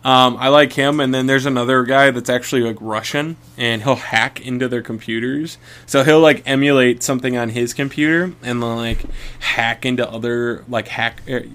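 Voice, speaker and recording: A man's voice: mid-range voice, steady tone, normal speed, fairly bright tone. A young man co-hosting a casual podcast, rambling through stories, swearing freely and laughing often. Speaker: podcast co-host.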